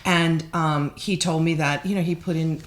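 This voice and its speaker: A woman in her fifties with a fairly low voice, co-hosting a podcast. She talks haltingly, breaking off and restarting her thoughts in relaxed conversation. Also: a little hiss or hum. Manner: halting, with many restarts and fillers. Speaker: podcast co-host. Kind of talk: casual chat.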